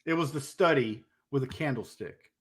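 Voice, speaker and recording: A man's voice: mid-range voice, moderate pace, fairly bright tone, slightly rough. A man co-hosting a podcast, throwing in short joking asides during casual chat. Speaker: podcast co-host.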